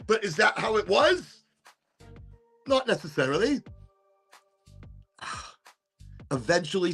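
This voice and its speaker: A man's voice: high-pitched, creaky, slightly rough. A man hosting a podcast, musing aloud in a rambling, casual monologue and swearing now and then. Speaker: podcast host.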